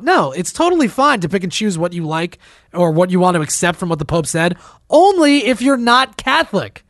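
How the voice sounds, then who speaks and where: A man's voice: high voice, big pitch swings, brisk, a bit bright, no echo, studio quality. A man co-hosting a podcast, chatting casually and bluntly about politics, swearing and laughing often. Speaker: podcast co-host.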